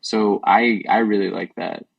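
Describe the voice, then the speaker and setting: A man co-hosting a podcast in casual chat, relaxed and peppering his talk with "like". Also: fairly low pitch, a little slow, gravelly, slightly rough, dry recording, recorded from a distance, lo-fi sound. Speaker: podcast co-host.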